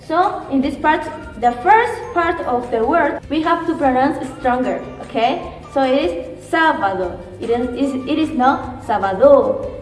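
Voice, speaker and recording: High-voiced woman teaching slowly, echoey. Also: distant mic, soft background music. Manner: slow, patient, checks in with "okay?"; repeats words slowly for the viewer to echo. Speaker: Spanish teacher. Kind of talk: beginner language lesson.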